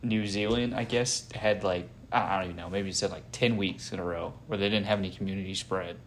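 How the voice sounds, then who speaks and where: A man's voice: deep voice, steady tone, quick pace, a little hiss or hum. A man co-hosting a podcast in casual chat, laid-back and profane, often hedging his opinions. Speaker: podcast co-host.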